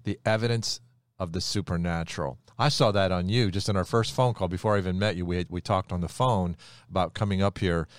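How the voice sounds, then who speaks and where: A middle-aged man with a very low voice tells a story on a podcast and acts out each character as he goes. The sound is dry and close, as if recorded in a small studio. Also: fairly quick, no room sound. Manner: animated storyteller who acts out the quoted lines. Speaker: podcast host. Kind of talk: casual Bible storytelling chat.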